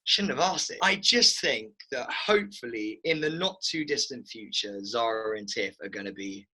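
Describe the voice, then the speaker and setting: A man hosting a casual chat, jokey and animated, telling stories. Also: medium pitch, moderate pace, breathy edge, low-quality recording. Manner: animated, jokey, tells stories with put-on quotes. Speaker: host.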